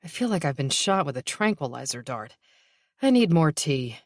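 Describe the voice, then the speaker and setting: A woman's voice: low voice, big pitch swings, normal speed, no echo, studio quality, heavily acted. A woman voicing a weary, wisecracking woman police detective in an audiobook, blunt and wry. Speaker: character voice.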